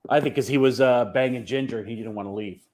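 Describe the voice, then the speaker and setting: Man, relaxed co-host, easygoing banter, casual chat. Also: medium pitch, fast, a little hiss or hum. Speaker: podcast co-host.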